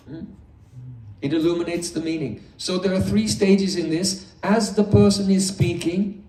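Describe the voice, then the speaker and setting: A man with a high, mellow voice teaches philosophy to a gathering, explaining each point slowly and asking the room rhetorical questions. He sits some way from the mic, and the room gives his words a roomy echo. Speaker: spiritual teacher. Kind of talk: philosophy lecture. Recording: echoey room, mic far off.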